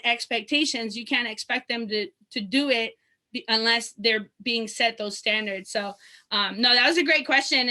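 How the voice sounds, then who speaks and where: A woman's voice: fairly high pitch, bright, forceful tone. A woman basketball coach talking in a panel discussion, conversational, with lots of fillers.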